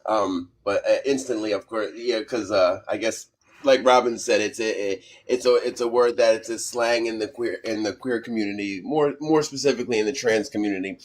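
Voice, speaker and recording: Low-voiced man, halting and earnest. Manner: halting, many fillers and restarts, earnest. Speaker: podcast panelist. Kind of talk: casual panel chat.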